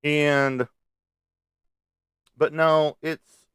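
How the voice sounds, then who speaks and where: A man's voice: a little high, flat delivery, very slow, fairly bright tone, smooth, no room sound, studio quality. A middle-aged man chatting on a live stream from a room at home, blunt and profane, rambling between topics. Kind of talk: casual live stream chat. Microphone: webcam on a live stream.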